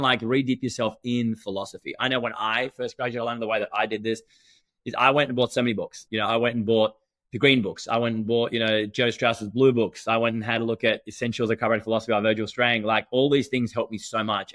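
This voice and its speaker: A man co-hosting a podcast, talking in an energetic, emphatic teaching tone. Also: on the low side, no room sound. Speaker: podcast co-host. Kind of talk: conversational podcast talk.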